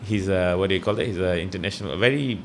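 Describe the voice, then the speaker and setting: A man with a Malaysian English accent, a stand-up comedian chatting casually in an interview, telling rambling, animated stories full of fillers. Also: low voice, rapid-fire, a little hiss or hum.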